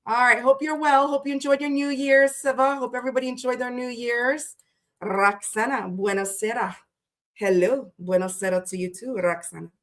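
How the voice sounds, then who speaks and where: A woman's voice: a little high, steady tone, normal speed, a bit bright. A woman hosting a tarot livestream, greeting her chat viewers one by one in a chatty, playful way that swears freely, and she sounds tired.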